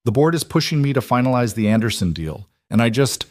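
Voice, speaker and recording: A man's voice: medium pitch, expressive, a little fast, no room sound, clean studio sound, lightly acted. A man voicing an exhausted young woman, a new mother and company chief, anxious and tearful in a storybook reading. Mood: overwhelmed. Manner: anxious, tearful and self-doubting. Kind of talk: storybook dialogue.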